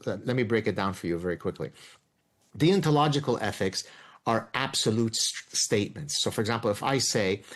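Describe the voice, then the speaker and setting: A middle-aged man from Lebanon, a guest giving emphatic interview answers and explaining his points like a professor. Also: fairly low pitch.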